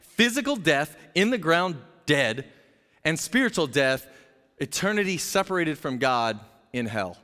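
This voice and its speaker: A man preaching a sermon as pastor, telling a story in an energetic, jokey way and acting out the characters' voices. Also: on the high side, measured pace. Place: church sanctuary. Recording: long hall reverb.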